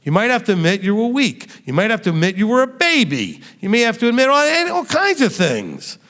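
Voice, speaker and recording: A man leading a question-and-answer teaching session, animated and acting out the lines he quotes. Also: very high-pitched, brisk, big-room sound. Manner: animated, acts out quoted dialogue.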